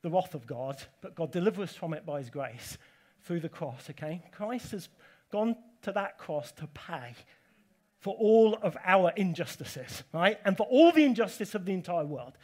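Animated, high-voiced male preacher. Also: moderate pace. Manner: animated, emphatic preaching with conversational asides. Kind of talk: sermon.

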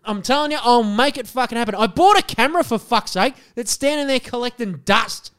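Casting: man, podcast co-host, high-pitched, emphatic and sweary. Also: brisk, a bit bright, clear, resonant tone. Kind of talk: casual chat.

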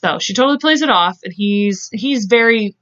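Lo-fi audio captures a young woman co-hosting a podcast, her medium-pitched voice lively and fairly bright at a normal speed. She casually recounts a crime case, acting out quotes and laughing often in a chatty way.

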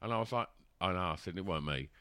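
A man's voice: sits low, racing, bright, forceful tone, no echo. A man telling a long casual story, rambling with fillers and restarts and laughing as he goes. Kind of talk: casual anecdote.

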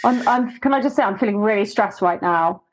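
A woman hosting a podcast who reacts to her guest in casual chat, with quick comments and laughter. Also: medium pitch, low-quality recording. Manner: reactive, laughing, supportive interjections. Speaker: podcast host.

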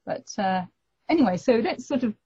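A middle-aged woman, telling a personal story in an interview and lively acting out the voices of the people in it. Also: on the high side, moderate pace, husky, no room sound. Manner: animated storyteller, acts out quoted voices. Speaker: guest telling her story. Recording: dull lo-fi recording.

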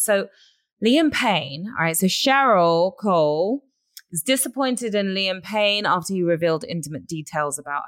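A woman's voice: fairly low pitch, no room sound. An English woman hosting a casual celebrity news chat, reading gossip items aloud and then giving blunt opinions. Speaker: host.

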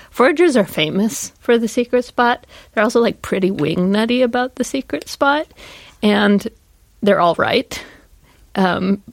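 A woman's voice: mid-range voice, creaky, no echo. A woman hosting a casual interview, chatting enthusiastically and asking questions. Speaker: host, interviewer.

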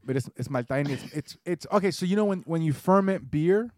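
A young man co-hosting a podcast, joking and chiming in with quick quips. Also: fairly high pitch, lively intonation, a little mellow, no echo, studio quality. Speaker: podcast co-host. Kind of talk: casual chat.

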